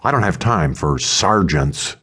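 A man's voice: deep voice, expressive, measured pace, fairly bright tone, slightly rough, heavily acted. A man doing a sneering haughty French colonel. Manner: snapping, sneering.

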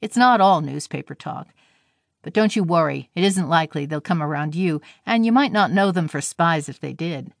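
A woman's voice: deep voice, animated, moderate pace, vocal fry, no echo, clean studio sound. A woman reading the part of a kindly young male railroad engineer, cheerful and slangy. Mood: breezy.

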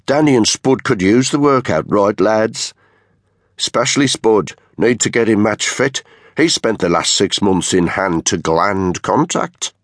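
A man's voice: on the low side, expressive, measured pace, no room sound, clean studio sound, voice pushed up. A narrator voicing a sneering, bullying blond male unit commander with a crude, mocking manner. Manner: mocking, crude, exaggeratedly loud.

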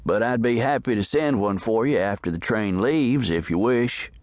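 A man's voice: lowish voice, normal speed, darkish tone, no echo, studio quality, voice pushed up, lightly acted. A man voicing a courteous, helpful male ticket clerk in a western audiobook. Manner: courteous, obliging.

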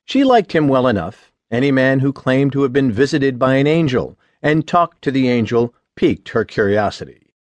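A man reading an audiobook in a measured, even scripted narration. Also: medium pitch, no echo.

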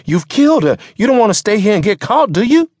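A man's voice: high voice, very animated, fast talker, darkish tone, no room sound, studio quality, voice pushed up. A man voicing a pushy, bullying man who barks orders in an audiobook. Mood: urgent. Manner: urgent, barking, bullying. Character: pushy man urging a getaway. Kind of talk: audiobook character reading.

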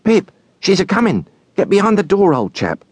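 A kindly village blacksmith speaks gently in a raised, soft voice, as a man puts him on in a storybook reading. His lines move with lively lift and a close, dry sound. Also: high-pitched, normal speed, dry recording, voice pushed up, exaggerated voice. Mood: gentle.

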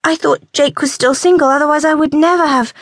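A woman's voice: sits high, fairly even intonation, fairly quick, no echo, clean studio sound, pitched above the performer's own voice. A woman voicing a young teenage girl who stammers and pleads anxiously in an audiobook. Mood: flustered.

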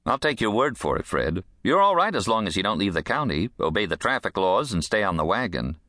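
A man's voice: lowish voice, very animated, brisk, bright, forceful tone, no echo. A male audiobook narrator playing a probation officer who questions people in a firm, probing, dry way.

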